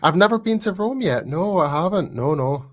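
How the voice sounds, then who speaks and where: A man's voice: a little high, expressive, moderate pace. A man with a Glaswegian accent, a podcast guest chatting casually with many fillers and restarts. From Scotland. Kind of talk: casual chat.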